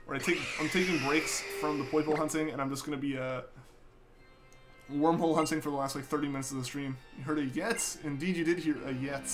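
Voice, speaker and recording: A man's voice: a little high, fairly even intonation, fairly quick. A young man streaming a game live, chatting casually and reading out viewer messages in an easygoing way with lots of fillers. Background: game music playing.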